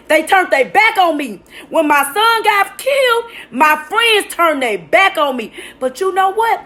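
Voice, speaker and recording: A woman's voice: very high voice, fairly bright tone. A middle-aged woman giving an emphatic, preachy spoken testimony straight to her viewers. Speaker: vlogger sharing a testimony. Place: at her workplace with a customer nearby.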